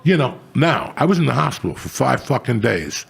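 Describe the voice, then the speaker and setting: An older man spins a foul-mouthed story with a rough, gravelly rasp. His pitch swings widely, and he climbs into loud, exasperated rants. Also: fairly quick, hardly any pauses. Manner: swearing, animated, rising to loud outbursts. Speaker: comedian, show guest. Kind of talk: profane storytelling chat.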